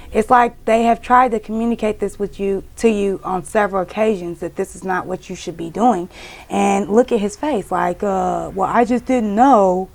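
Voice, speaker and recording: A woman's voice: a little high, vocal fry, a little hiss or hum. A woman giving a casual tarot reading, blunt and profane, scolding and emphatic. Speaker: tarot reader.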